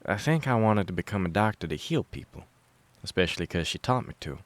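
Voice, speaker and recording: A chatty young woman from a storybook, blunt and scheming, her voice lifting higher as she teases and swears with ease, put on by a male narrator. The sound is dry and close. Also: animated, fairly quick, dry recording, natural voice. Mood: sad. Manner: chatty, teasing, swears casually.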